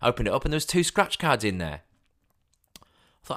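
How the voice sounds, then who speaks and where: A man hosting a podcast, telling a long personal anecdote in a casual, rambling way, full of fillers and restarts, and growing loud and high when he gets excited. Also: moderate pace. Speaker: podcast host. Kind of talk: casual storytelling monologue.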